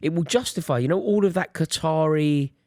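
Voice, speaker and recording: A male podcast co-host chatting about football while watching a match, excitable and emphatic, repeating himself. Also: fairly high pitch, a little fast, dry recording, studio quality.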